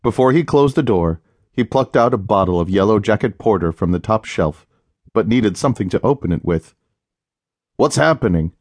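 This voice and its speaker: A man reading an audiobook as narrator, in a steady, even storytelling manner. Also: lowish voice, a little fast, no echo, clean studio sound. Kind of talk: scripted narration.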